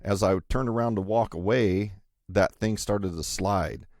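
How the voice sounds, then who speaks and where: A man hosting a podcast, asking relaxed questions and sharing his own story in a casual chat. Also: fairly low pitch, unhurried, no room sound, studio quality. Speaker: podcast host.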